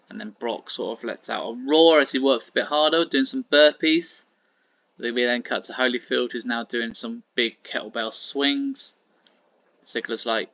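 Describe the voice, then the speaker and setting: Brief: bright, casual male game host narrating a wrestling sim, dry and dull recording. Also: medium pitch, fairly even intonation, unhurried, dry recording. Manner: casual, with many fillers and "sort of".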